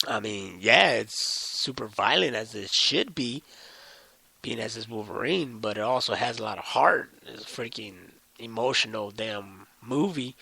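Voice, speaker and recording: A young man hosting his own podcast, telling a story as a profane, animated solo rant. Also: medium pitch, creaky, no room sound. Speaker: podcast host.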